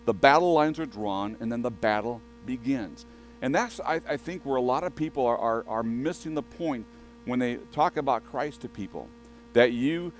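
A man's voice: medium pitch, rough recording. A male pastor preaching a sermon in a conversational way, often restarting his sentences and turning to the congregation with asides.

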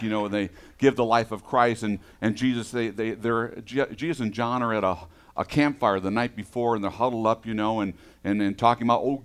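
A middle-aged male pastor preaching a casual sermon, telling stories in an animated, self-deprecating way and slightly out of breath. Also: medium pitch.

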